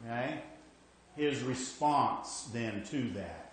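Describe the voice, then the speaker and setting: A man preaching a sermon in a conversational way, often checking in with "okay?" and dropping quiet when he reads scripture aloud. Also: lively intonation, slow, very echoey, a little hiss or hum, low-quality recording. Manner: rises for emphasis, then drops low and quiet when reading scripture.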